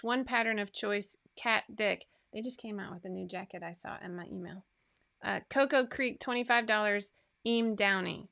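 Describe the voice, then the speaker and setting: A woman hosting a sewing pattern livestream reads out giveaway winners in a casual chat, dropping chatty asides and fillers between each name on the list. Her voice is bright and mid-range, with a creaky quality.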